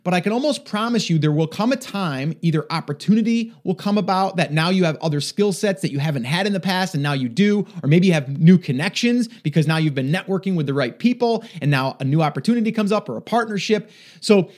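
Upbeat male podcast host, slightly high. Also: fast, hardly any pauses. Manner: energetic, rambling with restarts. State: a little out of breath. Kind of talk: solo podcast intro.

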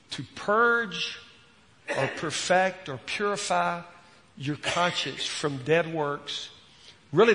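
Earnest pastor preaching in a reverberant church. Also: male voice, on the high side. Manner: earnest, repeats words, swings from loud to hushed. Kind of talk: sermon.

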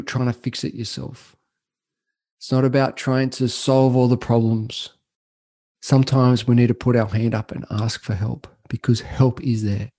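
A man shares his story as a podcast guest in a mellow, warm voice. He talks in an earnest, heartfelt way and pauses to reflect. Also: mid-range voice. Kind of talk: storytelling interview.

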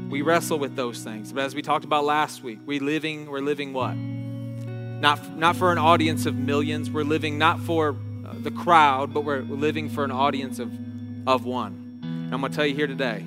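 A man preaching a sermon in an earnest, unhurried way, often stumbling over a phrase and starting again. His voice sits a little high for a man. It rings out with a long echo, and faint guitar plays underneath. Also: fairly even intonation. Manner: earnest, halting restarts, slows down on key words. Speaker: pastor.

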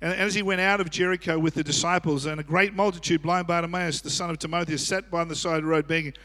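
A man preaching a sermon as pastor, swinging from quiet asides to loud shouting and often chuckling. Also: a little high, steady tone, fast talker. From Australia. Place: church auditorium. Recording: echoey church hall.

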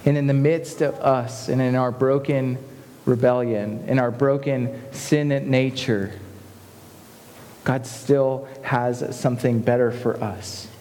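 A man's voice: medium pitch, dark tone, a little hiss or hum. Earnest preaching man in a reverberant hall. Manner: earnest, rising to emphatic preaching. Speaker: pastor. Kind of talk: sermon.

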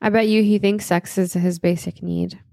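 A woman's voice: lowish voice, fairly even intonation, normal speed, gravelly, dark tone, no room sound, clean studio sound. A woman co-hosting a podcast, chatting casually in an emphatic, outspoken way. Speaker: podcast co-host. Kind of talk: casual chat.

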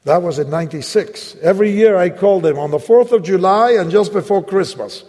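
Man, Latin American accent, evangelist preacher, storytelling sermon, warm mellow tone, reverberant hall. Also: high-pitched. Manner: storytelling, acts out both sides of dialogue, slows for prayer. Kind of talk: sermon with personal story and altar-call prayer.

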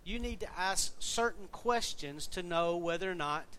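A man's voice: high-pitched, moderate pace, fairly bright tone, a little hiss or hum. A man preaching a sermon in a conversational way, often asking the congregation questions. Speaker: pastor.

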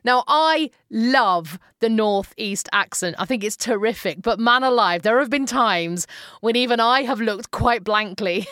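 An English woman hosting a podcast, telling stories in a chatty, amused and expressive way. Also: medium pitch, no room sound, clean studio sound. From England. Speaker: podcast host. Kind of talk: casual storytelling monologue.

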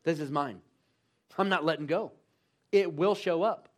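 A man's voice: on the high side, measured pace. A man preaching a sermon in a church, emphatic and full of call-and-response urging.

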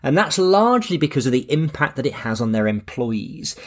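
A man with a slightly husky voice hosts a podcast in a relaxed, anecdotal way. His pitch rises and falls with a lively swing, and he pokes gentle fun at himself as he talks. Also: a little fast. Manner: relaxed, anecdotal, self-deprecating. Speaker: podcast host. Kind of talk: scripted podcast narration.

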